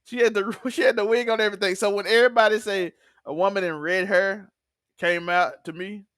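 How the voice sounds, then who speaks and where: A man hosting a TV review podcast, recapping an episode in excited casual chat, laughing often and acting out characters' lines. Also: sits high, fairly quick, no room sound, studio quality.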